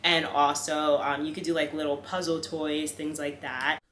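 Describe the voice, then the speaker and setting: A woman's voice: deep voice, little pitch movement, normal speed, fairly bright tone. A young woman chatting casually to camera with lots of fillers, giving tips and talking to her dog. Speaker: vlogger. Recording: echoey room, faint room noise.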